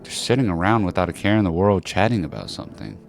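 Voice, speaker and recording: A man with a low voice plays through a game and reads its characters out loud. He goofs around and cracks jokes between lines. Faint music sits under him. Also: sing-song, quick pace, vocal fry. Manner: goofy, swears and jokes between read lines. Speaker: gaming streamer. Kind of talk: playing a game and reading its characters aloud.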